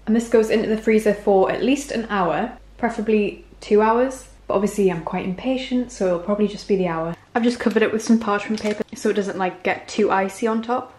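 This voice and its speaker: A woman's voice: medium pitch, darkish tone, roomy sound, a little hiss or hum. A young woman walking through recipes in her home kitchen, chatty and self-mocking. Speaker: cooking vlogger. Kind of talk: casual recipe walkthrough.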